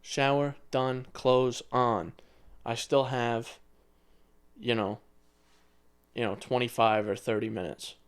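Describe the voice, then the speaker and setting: A man's voice: mid-range voice, little pitch movement, takes it slowly, clean tone. A man in his twenties co-hosting a podcast, rambling through a story in casual chat and swearing now and then. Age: 20s. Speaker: podcast co-host.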